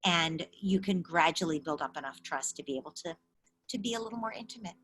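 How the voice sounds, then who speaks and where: Speaking fast and expressively in a voice on the low side, a middle-aged woman hosts parenting office hours over video. Her coaching of callers is warm, empathetic, and direct.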